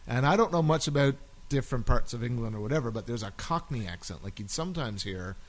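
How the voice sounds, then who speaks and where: A man's voice: medium pitch, animated, quick pace, rough recording. A man co-hosting a casual chat podcast, rambling and laughing often as he talks. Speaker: podcast co-host.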